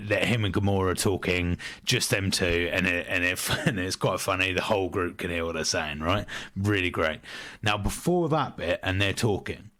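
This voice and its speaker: A British man co-hosting a podcast, laying out a film theory in a measured way. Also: low-pitched, sharp tone. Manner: measured, building a theory step by step. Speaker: podcast co-host. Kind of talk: casual film review chat.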